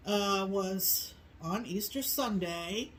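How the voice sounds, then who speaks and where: Casting: middle-aged woman co-host, unhurried, meandering with ums, from New England. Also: mid-range voice, a little hiss or hum, poor audio. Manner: slow, rambling with many ums. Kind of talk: casual chat.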